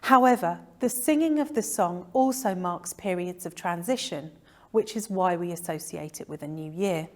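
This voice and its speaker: A woman giving a gentle, measured scripted address at a remembrance service. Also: on the low side. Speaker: funeral service presenter.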